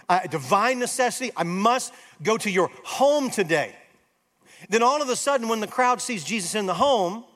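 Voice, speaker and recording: A pastor delivering an emphatic sermon in a raised, high voice. He drives hard through peaks, then drops low and soft to plead with his listeners. A long hall reverb follows every line from the church sanctuary. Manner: emphatic preaching, rising to intense peaks then dropping soft.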